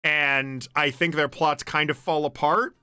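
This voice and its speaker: Here the same bright, forceful young man sits fairly high in pitch, keeping his intonation fairly even and his pace measured as he rambles casually on his home stream. Laughter and easy swearing run throughout, captured in a clean, dry, close recording with no room sound.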